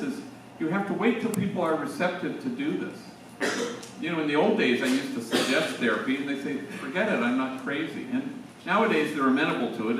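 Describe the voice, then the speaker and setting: A man in his sixties, a priest, telling stories to a room of teachers in a relaxed, conversational way with slangy asides. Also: a little high, background noise. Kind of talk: storytelling talk to teachers. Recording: echoey hall, distant mic.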